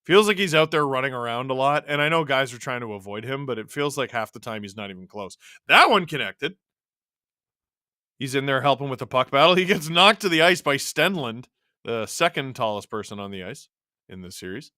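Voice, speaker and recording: A man hosts a live stream, calling a hockey game casually and reacting to it as it unfolds. His bright, pushed-forward voice has deepened from long hours of talking. The sound is close and dry. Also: expressive, brisk, no echo. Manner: chatty, reacting to the game and chat as it happens. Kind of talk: casual live play-by-play and chat.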